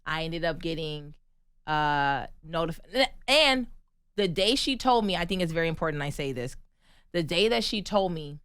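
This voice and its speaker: A woman from the United States, a guest on a podcast interview, telling her story in an animated, emphatic way and laughing often. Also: low-pitched, normal speed, smooth, no echo, clean studio sound. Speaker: guest, actress and stunt performer.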